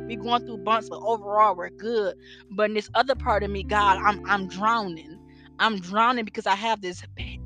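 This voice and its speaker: Young woman giving a faith talk, earnest and preachy, mid-range voice, guitar playing behind her. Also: medium pitch. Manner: earnest, preacher-like, rhetorical questions. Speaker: inspirational speaker. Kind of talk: faith-based motivational talk. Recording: guitar music bed under voice. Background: guitar music.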